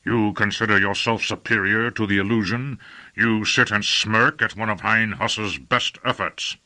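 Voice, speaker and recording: Man doing a gruff, rumbling old sorcerer. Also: steady tone, a little slow, sharp tone. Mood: growling. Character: gruff heavyset male sorcerer, smug and commanding. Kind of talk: audiobook character voice.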